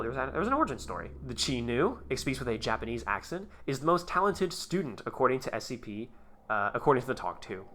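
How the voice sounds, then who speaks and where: A man hosting his own video, reading aloud and commenting in a rambling, excitable way, chuckling often. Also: mid-range voice, a little hiss or hum. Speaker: YouTube host.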